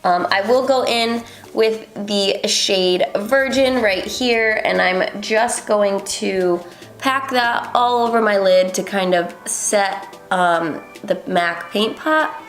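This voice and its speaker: A woman's voice: medium pitch, slow pace. A young woman making a casual makeup tutorial, chatty and rambling with lots of ums. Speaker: beauty vlogger. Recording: echoey room, faint music.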